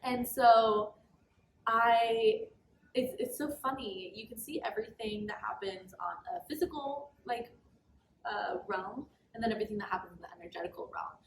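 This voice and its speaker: A woman's voice: a little high, moderate pace, a little hiss or hum. A young woman talking candidly about her own life as a podcast guest, with a casual, chatty manner and lots of "like". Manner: candid, chatty, heavy use of "like". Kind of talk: casual personal storytelling. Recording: roomy sound, mic at a distance.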